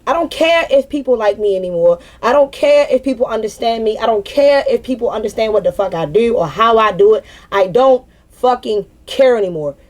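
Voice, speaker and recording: A woman's voice: on the high side, a little mellow. A young woman venting in an unscripted spiritual monologue, blunt and profane, preaching with repeated emphatic phrases. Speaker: spiritual vlogger.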